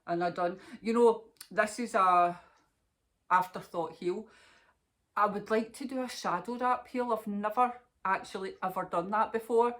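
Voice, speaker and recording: A woman's voice: mid-range voice, unhurried, fairly bright tone. A Scottish woman hosting a knitting podcast, chatting casually to camera in a rambling way and laughing often.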